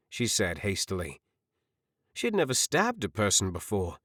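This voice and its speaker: A man with a lowish voice narrates a fantasy audiobook, reading the script in an expressive, measured storytelling style. The studio sound is clean with no room sound.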